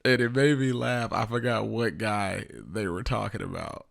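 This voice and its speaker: Brief: male solo podcast host with a low, gravelly voice and a loose, profane style. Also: normal speed, fairly bright tone. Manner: laid-back, profane, laughs often. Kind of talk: casual solo podcast chat.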